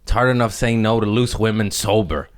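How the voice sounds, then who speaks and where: A man's voice: lowish voice, a little fast. A man hosting a casual comedy podcast, rambling and swearing as he riffs from topic to topic. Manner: rambling, profane, animated riffing. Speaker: podcast host.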